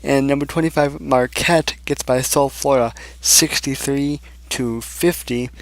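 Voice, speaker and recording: A man's voice: mid-range voice, fairly even intonation, a little slow, noisy background. A young man hosting a casual sports picks show, rambling through scores and predictions with plenty of fillers. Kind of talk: casual solo sports commentary.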